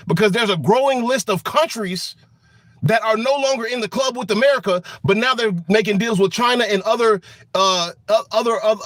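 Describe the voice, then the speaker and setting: A man's voice: high voice, fairly bright tone, dry recording, clean studio sound. A man giving an angry political rant, swearing often and restarting his sentences with many fillers. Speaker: political commentator.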